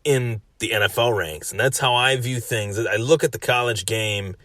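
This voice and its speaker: Man, sports podcast host, fairly low voice, dry close recording, casual rambling recap. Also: normal speed, fairly bright tone, no room sound. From Western New York. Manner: chatty, repeats phrases and restarts.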